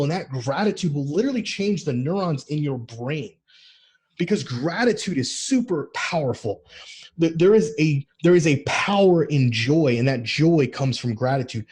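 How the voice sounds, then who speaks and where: A man co-hosting a podcast, talking in an energetic, preachy motivational way that builds in intensity. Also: mid-range voice. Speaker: podcast co-host.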